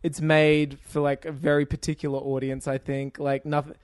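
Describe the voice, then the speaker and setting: A man's voice: on the high side, flat delivery, normal speed, clear, resonant tone, dry recording, clean studio sound. A man co-hosting a podcast, talking casually and animatedly, laughing and swearing as he tells stories. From Australia. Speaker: podcast co-host. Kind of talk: casual chat.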